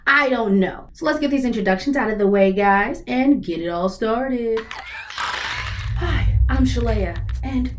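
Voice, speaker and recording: A woman's voice: a little high, unhurried, soft background music. A woman hosting a reaction channel, giving casual, slangy commentary with whispered asides.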